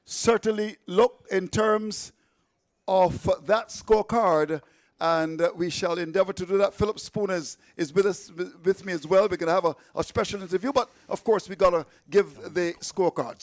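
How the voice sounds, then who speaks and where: A man's voice: high voice, normal speed, no room sound. A man hosting live radio cricket commentary, chatty and playful, reading out the scorecard with stumbles.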